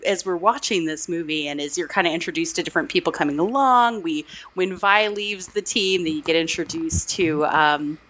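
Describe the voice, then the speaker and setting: A woman's voice: fairly low pitch, normal speed, few pauses, a bit bright. A woman co-hosting a podcast, chatting casually about an old film, laughing often as she retells scenes. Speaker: podcast co-host.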